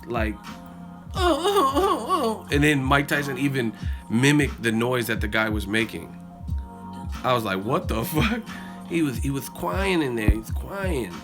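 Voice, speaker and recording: A man hosting a boxing live stream, telling stories in a loose, profane, animated way and reading out donations. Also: mid-range voice. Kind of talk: casual livestream chat.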